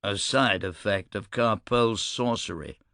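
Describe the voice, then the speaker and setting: A man voicing a weary, disguised war hero in an audiobook, speaking in a flat, matter-of-fact way. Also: lowish voice, a little slow, creaky, no echo, clean studio sound, full character voice.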